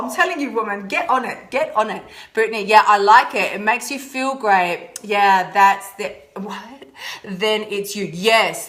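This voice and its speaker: A woman's voice: on the high side, fairly bright tone, echoey room. Chatty woman live streaming. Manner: chatty, playful, addresses viewers by name. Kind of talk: casual live stream chat. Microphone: phone or laptop camera, moving close and away.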